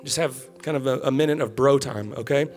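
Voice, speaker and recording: A man's voice: medium pitch, brisk, a little mellow, soft background music. A man in his thirties preaching a sermon to young adults, casual and conversational, telling personal stories. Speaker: pastor.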